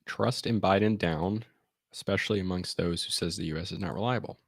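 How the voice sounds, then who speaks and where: Man, lowish voice, dry close sound, sarcastic live-stream commentary, rambling. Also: a little fast, gravelly, slightly rough, no room sound. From United States.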